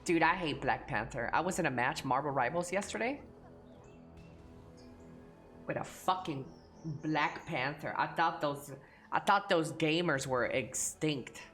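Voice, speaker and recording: A woman's voice: low-pitched, expressive, unhurried, pauses often, fairly bright tone, soft background music. A woman from Mexico, a streamer chatting casually and crudely with her viewers, playful and joking. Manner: crude, playful, talks to chat, hums and sings nonsense. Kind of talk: casual livestream chat.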